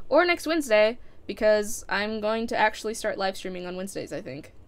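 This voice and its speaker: A young woman chatting casually as a live streamer winding down her stream, rambling with lots of fillers and frequent laughs. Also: mid-range voice.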